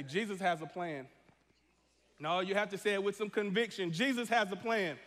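A man preaching a sermon as a pastor, animated, acting out prayers in a hushed voice. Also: high-pitched. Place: church sanctuary. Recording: long hall reverb.

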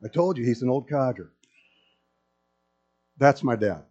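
This middle-aged pastor's voice is mid-range, husky, and a little slow. He preaches to a congregation with animated, funny storytelling, captured in dull lo-fi audio.

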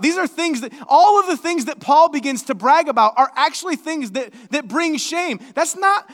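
Animated high-voiced preacher in a hall. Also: male voice. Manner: animated, building to emphatic shouted lists. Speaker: pastor. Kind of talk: sermon.

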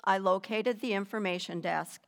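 In a mid-range voice, an older woman shares her faith testimony from a written text, narrating slowly and deliberately while gently stressing certain words.

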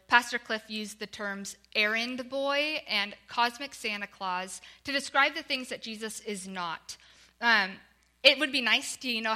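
A young woman preaches a sermon with a bright, high, clear voice. She speaks earnestly, pleading with her listeners and slowing down on the words she wants to land. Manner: earnest, pleading, slows for emphasis. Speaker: guest speaker.

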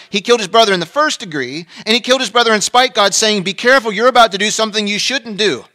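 A man preaching a sermon, dropping to a hush and then rising to emphatic peaks, acting out the people he quotes. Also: high-pitched. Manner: swings between hushed and emphatic, acts out quoted voices. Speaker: pastor.

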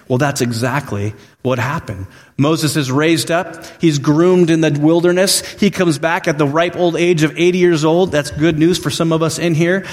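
A male pastor preaching in a church sanctuary, his fairly high voice ringing with the long reverb of a large hall. He tells the story in a lively, animated way and acts out the voices he quotes. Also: normal speed, few pauses. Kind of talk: sermon.

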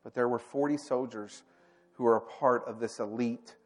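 A man preaching a sermon, telling personal stories and acting out the dialogue with lively energy. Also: mid-range voice, normal speed. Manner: animated storytelling, acting out quoted dialogue.

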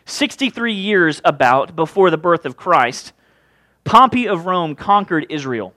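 A male preacher giving a sermon, retelling a scripture story in a casual, joking, animated way. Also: fairly high pitch, unhurried, dry recording.

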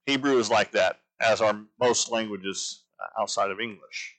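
A man's voice: fairly low pitch, moderate pace, fairly bright tone, low-quality recording. A man teaching a sermon, earnest, building his points by repeating phrases. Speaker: pastor.

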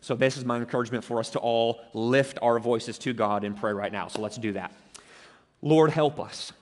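A male pastor delivers his sermon in an earnest, emphatic way, pressing on the words he wants remembered. His voice sits at an ordinary middle pitch. A long church reverb trails after each phrase. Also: level tone, fairly quick.

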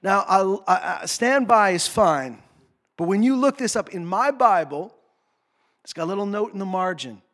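A man from North America preaching a sermon, with impassioned swings from hushed asides to shouted commands and low mocking voices for quoted complaints. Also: lively intonation, normal speed. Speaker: pastor.

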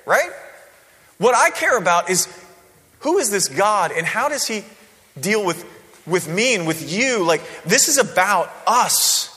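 A man preaching a sermon in a church, conversational and animated, often checking in with "right?". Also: high voice, moderate pace. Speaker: pastor. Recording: long hall reverb.

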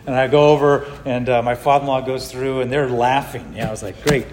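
A man's voice: medium pitch, steady tone, brisk, noisy background. A middle-aged man from California preaching a sermon, telling a personal story and acting out the people he quotes. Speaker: pastor. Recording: long hall reverb.

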